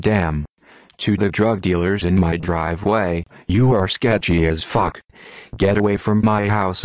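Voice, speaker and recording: A synthetic-sounding man's voice reading out short posts in a monotone, spelling out links letter by letter. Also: sits low, no room sound, studio quality. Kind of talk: rapid automated read-out of short posts.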